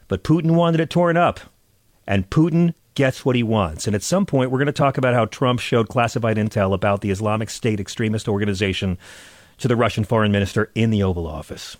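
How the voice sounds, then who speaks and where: A man's voice: mid-range voice, dry recording, studio quality. A man hosting a political talk show, delivering a scripted commentary monologue in a sarcastic, indignant and profane manner.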